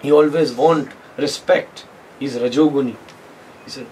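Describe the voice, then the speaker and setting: A man giving an animated devotional storytelling sermon at a retreat; he acts out voices and leads the chanting. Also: mid-range voice, normal speed, slight background noise, poor audio. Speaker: spiritual teacher. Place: retreat hall.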